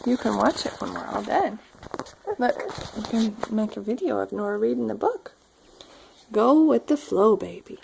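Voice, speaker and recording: A mother at home reading a picture book aloud to her toddler, gently coaxing and prompting the child along. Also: medium pitch, animated, moderate pace, gravelly, background noise.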